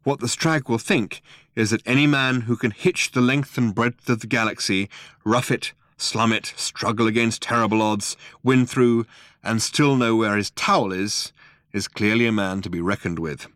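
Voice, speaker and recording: A man narrating a comic novel in a wry, expressive way. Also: on the low side, normal speed, no room sound, studio quality. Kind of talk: audiobook narration.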